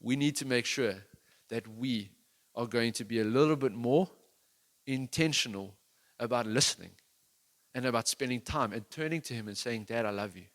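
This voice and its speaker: A man's voice: mid-range voice, normal speed, a bit bright. A man preaching a sermon as pastor, talking in a conversational, earnest way that rises into emphatic bursts.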